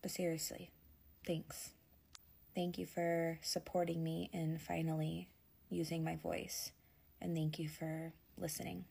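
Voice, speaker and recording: A young woman telling a personal story in a soft, often near-whispered and emotional voice. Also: sits low, flat delivery, measured pace, vocal fry, background noise.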